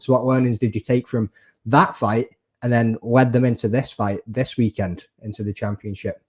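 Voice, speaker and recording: A man's voice: medium pitch, fairly even intonation, moderate pace, a little mellow. A man hosting a podcast interview, asking chatty, encouraging questions and calling his guest "mate".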